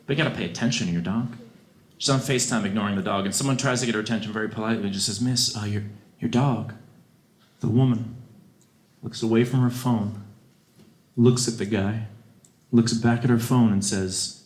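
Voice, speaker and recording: A man performing a stand-up comedy set on a club stage, swinging between quiet deadpan and loud outbursts. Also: medium pitch, quick pace. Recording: live show with audible audience noise.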